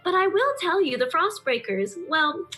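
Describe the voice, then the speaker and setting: A woman's voice: very high-pitched, big pitch swings, moderate pace, bright, forceful tone, faint music behind, pitched above the performer's own voice, heavily acted. A woman voicing a playful shape-shifting circus assistant with theatrical, teasing showmanship during tabletop role-play.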